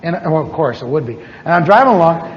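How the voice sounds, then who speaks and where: A preacher telling a personal testimony in a sermon, animated and chuckling, repeating his words for effect. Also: fairly high pitch, quick pace, slight background noise. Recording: dull lo-fi audio with long hall reverb.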